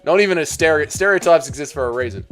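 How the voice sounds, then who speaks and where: A man hosting a casual livestream, reading chat aloud, swearing often and excitedly thanking donors. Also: fairly high pitch, fast talker, faint music behind. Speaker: livestream host.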